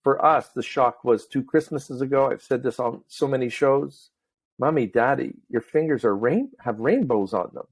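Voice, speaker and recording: A middle-aged man hosting a podcast, telling stories in talkative, animated casual chat. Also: medium pitch, normal speed, breathy edge. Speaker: podcast host.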